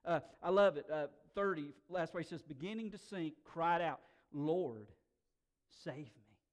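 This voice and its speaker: Man, pastor, high voice, conversational sermon, soft asides, loud emphatic bursts. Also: moderate pace. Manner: conversational, folksy fillers.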